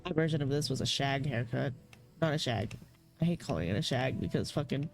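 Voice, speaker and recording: A young adult game streamer rambles to chat in a lively, swinging voice, cursing freely and laughing between jokes. Faint game music plays underneath the talk. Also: medium pitch, moderate pace, long pauses. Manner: swears freely, laughs often, jokey and rambling. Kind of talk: casual livestream gaming commentary, chatting with viewers.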